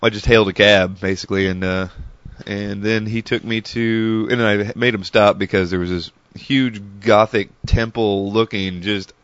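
A man's voice: lowish voice, steady tone, moderate pace, a bit bright, dry recording. A man telling meandering stories in a casual, chatty monologue full of asides. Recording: dull lo-fi dry recording.

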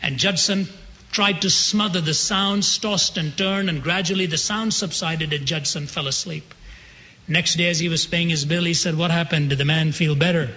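High bright male preacher in a reverberant hall. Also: fairly even intonation. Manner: dramatic pauses, slows down for emphasis. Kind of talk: sermon storytelling. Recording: dull sound with long hall reverb.

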